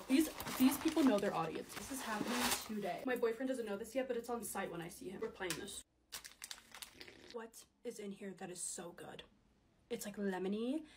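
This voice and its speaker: High, fast-talking gushing young woman. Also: noisy background. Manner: gushing, excited. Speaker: lifestyle content creator. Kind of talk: casual unboxing vlog. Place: home living room.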